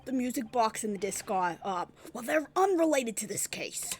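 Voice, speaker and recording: A woman's voice: a little high, big pitch swings, moderate pace, a little hiss or hum. A woman voicing a flustered, defensive male police inspector in a video game, stammering as she reads.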